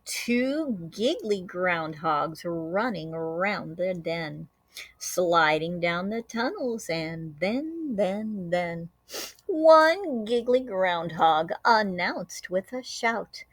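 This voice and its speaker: A woman teacher reading a picture book aloud to children. She tells it with animated storytelling and adds short asides and sound effects. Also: lowish voice, very slow, no room sound.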